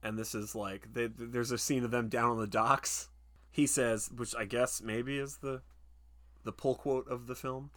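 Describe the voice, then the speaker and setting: A young man casually retelling a film's plot, rambling with many fillers and restarts, slipping into quick voices for the characters. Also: mid-range voice, little pitch movement, fairly bright tone. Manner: rambling, lots of "like" and restarts, acts out quotes. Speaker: podcast co-host recapping a film. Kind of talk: casual chat.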